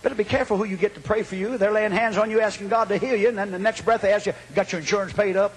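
A man preaching a Pentecostal revival sermon to a congregation, telling a dramatic story that builds into shouting. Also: high voice, steady tone, rapid-fire, a little hiss or hum. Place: church or hall before a congregation.

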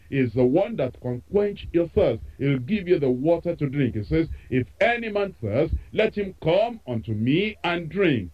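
Emphatic male preacher on muffled radio. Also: fairly high pitch. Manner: emphatic, repetitive preaching cadence. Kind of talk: sermon.

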